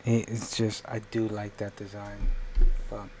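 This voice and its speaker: A man's voice: fairly low pitch, monotone, measured pace, a crowd in the background. A man live-streaming while he works on a design, thinking aloud in a rambling, self-correcting way.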